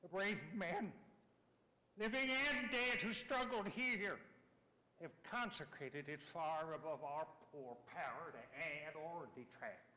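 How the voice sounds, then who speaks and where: A man's voice: fairly high pitch, slow, pushed and bright. A man playing an earnest frontier statesman, reciting a historic address in a solemn ceremonial style with sweeping rises and falls. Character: earnest high-voiced male frontier statesman orator. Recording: echoey hall with long reverb.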